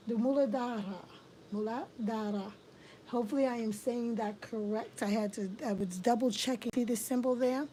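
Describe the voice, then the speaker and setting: A woman reads tarot cards on a livestream, welcoming viewers with warm repeated phrases. Her voice sits a little high but sounds mellow and dark in tone, with a faint hiss under it. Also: fairly even intonation, normal speed, rough recording. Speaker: tarot reader hosting a livestream. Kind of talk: casual livestream tarot reading.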